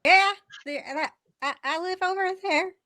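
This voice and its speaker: A woman's voice: very high-pitched, moderate pace, bright, forceful tone, no echo, studio quality, voice pushed up. A woman playing a masked flower seller from the woods who speaks guardedly and hesitantly in a tabletop game.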